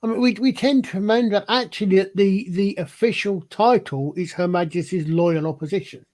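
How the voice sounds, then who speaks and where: A man with a high voice talks in a casual panel chat. He presses the same point again and again, stumbling through false starts. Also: a little fast, darkish tone. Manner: insistent, repeats himself with many restarts.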